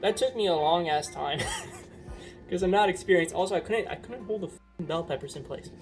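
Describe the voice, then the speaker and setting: A man's voice: high-pitched, moderate pace, faint music behind. A young man casually talking through a home cooking video, rambling and joking with plenty of swearing. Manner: rambling, jokey, swears a lot.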